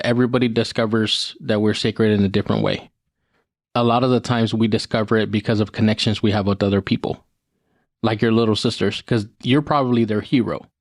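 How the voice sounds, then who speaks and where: A man co-hosting a podcast, speaking gently and encouragingly and laughing easily as he reflects. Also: lowish voice, fairly even intonation, moderate pace, long pauses, dry recording, studio quality. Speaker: co-host.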